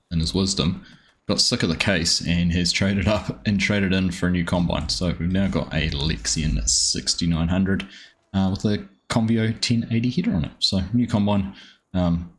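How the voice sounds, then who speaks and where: A man streaming a farming game live, chatting easily and greeting viewers by name with plenty of ums. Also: deep voice.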